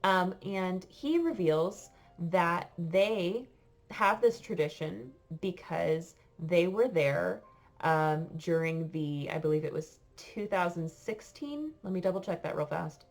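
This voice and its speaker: An American woman, a French teacher, telling a story to her class in a chatty, halting way with many fillers. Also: on the low side, lively intonation. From United States.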